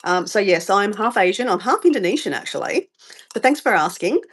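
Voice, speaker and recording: A woman's voice: medium pitch, expressive, a little fast, husky. A middle-aged woman with an Australian accent, chatting casually on a live stream, rambling and getting sidetracked as she answers viewer comments. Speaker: vlogger livestreaming her morning routine.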